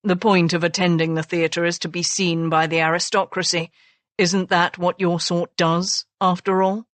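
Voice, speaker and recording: A woman voicing a blunt, self-made Regency husband who speaks low and soft with dry command, in an audiobook. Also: flat delivery, normal speed, no room sound, natural voice.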